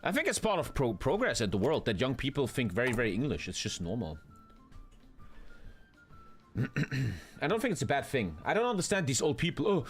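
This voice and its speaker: A man's voice: mid-range voice, wildly swooping pitch, normal speed, slightly rough, faint music behind. A man with a German accent, streaming a strategy game with casual, profane, rambling commentary. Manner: profane, rambling, bro-talk. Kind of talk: casual live gaming commentary.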